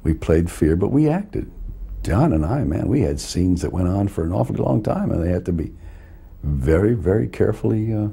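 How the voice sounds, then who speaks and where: A man, an actor, telling an animated anecdote about working on a series. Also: sits low, moderate pace, creaky, husky. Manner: animated storytelling. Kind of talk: anecdotal reminiscence.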